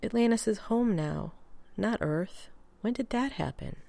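An ailing, queasy grown man speaks weakly and reluctantly, as a woman voices him in a storybook reading. His words come out strained and slow. The recording is close and dry. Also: medium pitch, expressive, vocal fry, dark tone, no room sound, voice pushed up.

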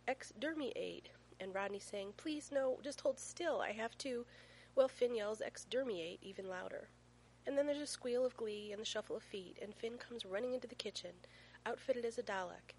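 A woman's voice: mid-range voice, slight background noise, low-quality recording. A woman narrating a fan fiction story as an audiobook reader, playful and storytelling.

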